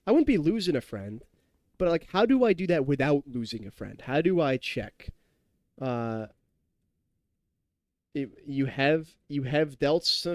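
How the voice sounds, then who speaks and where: A tipsy young man in his twenties chats loosely on a game stream, his voice sitting a bit high for a man. He rambles, restarts sentences and laughs often as he talks to chat, and the sound is close and dry with no room echo. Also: darkish tone. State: tipsy from drinking. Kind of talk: casual live-stream chat while gaming.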